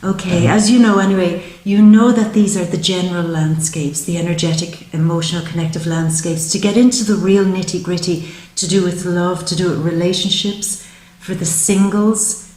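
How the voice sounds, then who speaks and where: Woman tarot reader, gentle and heartfelt, mid pitch, roomy echo. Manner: gentle, earnest, slow and emotional. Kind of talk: spoken psychic tarot reading.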